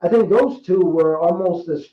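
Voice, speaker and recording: A man's voice: high-pitched, moderate pace. A man in his fifties from Rhode Island, a podcast guest telling stories in a rambling, chatty way. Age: 50s. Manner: rambling, chatty, repeats and restarts. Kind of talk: casual storytelling. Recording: roomy, dull lo-fi sound.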